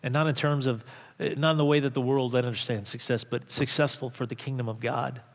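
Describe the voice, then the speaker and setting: A man's voice: mid-range voice, little pitch movement, brisk, big-room sound. A male pastor preaching a sermon, earnest and emphatic, repeating phrases for stress. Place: church sanctuary.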